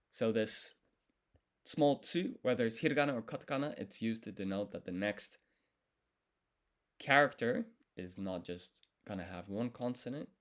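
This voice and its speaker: A man's voice, on the low side, comes from a live stream where he's studying a language. He thinks aloud, carefully sounding out each syllable and amending his errors as they come up.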